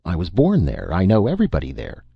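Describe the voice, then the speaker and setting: Male reader does blunt young man, puzzled, gravelly and dry. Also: sits low, wildly swooping pitch, quick pace, no echo, dull audio, exaggerated voice.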